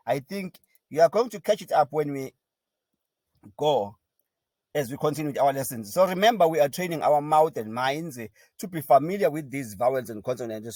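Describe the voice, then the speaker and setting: A man teaching a pronunciation lesson, sounding out syllables one by one and repeating each word slowly and deliberately. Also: on the high side, a little mellow, no room sound. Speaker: language teacher.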